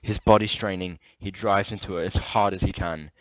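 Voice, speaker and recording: A man's voice: deep voice, fairly even intonation, moderate pace, no echo, rough recording. A man narrating an amateur story reading, stumbling over words now and then. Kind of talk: amateur reading of erotic fiction.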